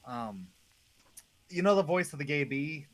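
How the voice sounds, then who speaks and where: His voice sits on the high side, with lively intonation and a measured pace. He's a co-op gamer chatting casually with a friend mid-game, telling meandering stories full of fillers.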